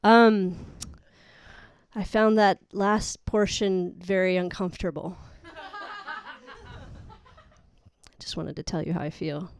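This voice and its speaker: A woman's voice: medium pitch, lively intonation, takes it slowly, long pauses. A young woman doing a rambling, exasperated, self-mocking stand-up set. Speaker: stand-up comic. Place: live studio audience.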